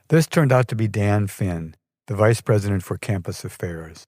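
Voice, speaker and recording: A man narrating a scripted personal story in a measured, wry way. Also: sits low, a little mellow, no echo, studio quality. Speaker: storyteller podcast host.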